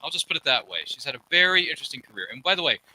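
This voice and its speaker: A man's voice: a little high, very animated, rapid-fire, pushed and bright, rough recording. A man hosting a casual panel chat, jokey and rambling, going off on tangents. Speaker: podcast host.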